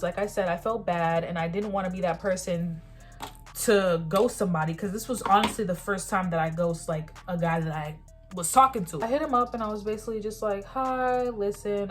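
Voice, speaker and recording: A 21-year-old woman vlogger telling a candid story in casual talk, animated, laughing often and using slang. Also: lowish voice. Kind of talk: casual storytime while getting ready.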